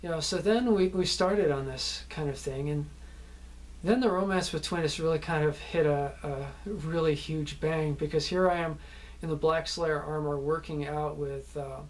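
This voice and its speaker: An actor rambles through behind-the-scenes stories from a film shoot, casually telling anecdotes full of fillers and restarts and laughing often. His voice is fairly high with fairly even intonation, at normal speed.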